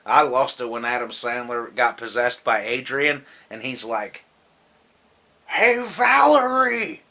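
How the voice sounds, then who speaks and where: A man with a bright, forward voice talks through a movie countdown after a few drinks, his words loose and slurring a little. He rambles, swears freely and breaks into laughter as he goes. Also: medium pitch, fairly even intonation, normal speed. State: drunk. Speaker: movie vlogger.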